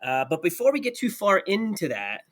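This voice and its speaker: A man with a New Jersey accent hosts a relaxed interview, speaking on the higher side for a man. He is enthusiastic and playful, joking easily with his guest. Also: normal speed. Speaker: podcast host. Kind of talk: casual interview chat.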